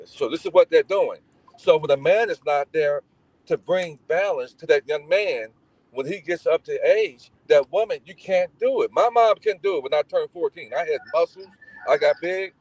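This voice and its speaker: A middle-aged man from Indiana tells family stories in a relaxed, casual way. His voice sits a little high and stays lively, slipping into the voices of people he describes. The recording is close and dry. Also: normal speed, dry recording, rough recording. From Gary, Indiana, United States. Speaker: guest. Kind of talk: casual storytelling.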